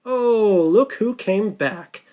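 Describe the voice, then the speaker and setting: A woman's voice: medium pitch, very slow, dark tone, pitched above the performer's own voice. A man voicing a caring female Russian crewmate with a thick Russian accent in an audiobook. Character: warm, bear-hugging female Russian crewmate.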